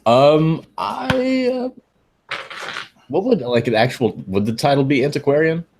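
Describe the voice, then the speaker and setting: A man's voice: fairly high pitch, big pitch swings, measured pace, background noise. A man at a tabletop game, playfully role-playing a character and stepping in and out of it. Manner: playful, laughs often, drops in and out of character. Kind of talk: casual in-character role-play.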